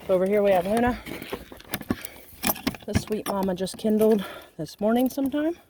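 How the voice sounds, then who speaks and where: Homestead rabbit keeper talking thru a how-to, chatty, lots of ums, mid pitch, bit of faint noise behind. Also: normal speed. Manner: chatty and explanatory, with plenty of ums and uhs. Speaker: small farm owner raising rabbits. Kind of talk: casual how-to demonstration.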